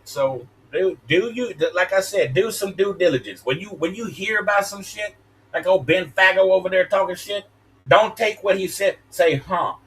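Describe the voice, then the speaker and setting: Heated male streamer, fairly high voice, swearing constantly, wrestling-promo energy. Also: fairly bright tone. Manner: profane, agitated, preachy, wrestling-promo delivery. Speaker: streamer in a live call. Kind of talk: heated casual rant.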